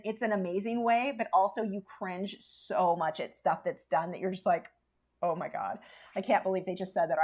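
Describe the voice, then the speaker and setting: Chatty woman artist, slightly high voice. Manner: chatty, opinionated, laughs often. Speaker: artist streamer. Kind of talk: casual livestream chat while painting.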